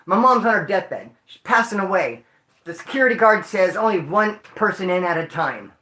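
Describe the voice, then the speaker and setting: Bright-voiced grieving man. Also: high voice, very animated, moderate pace, roomy sound. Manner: slangy, emotional, addresses chat as homeboy and dude. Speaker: livestream host. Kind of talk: casual livestream talk.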